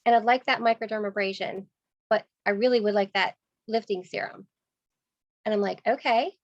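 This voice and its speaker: A woman sales consultant, telling a lively story on a video call, acting out voices and laughing often. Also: mid-range voice, moderate pace, no echo, muffled recording.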